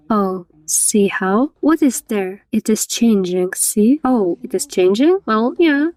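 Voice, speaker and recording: Chatty woman asking lots of quick questions. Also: medium pitch, darkish tone. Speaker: vlogger reviewing a makeup artist. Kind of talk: dubbed conversational chat.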